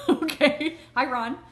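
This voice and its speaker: Animated, swearing woman telling a story. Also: high-pitched, slow. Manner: animated, laughing, swears freely; eating while talking. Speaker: manifestation coach and vlogger. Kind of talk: casual storytelling livestream.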